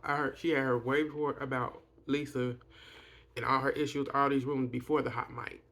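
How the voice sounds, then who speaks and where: Heard first is a man with a fairly high voice and a heavy gravelly fry. He recaps a reality show in a casual, rambling way, with frequent restarts and blunt, profane asides. The tone is offhand and opinionated. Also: level tone, fairly quick, a bit bright.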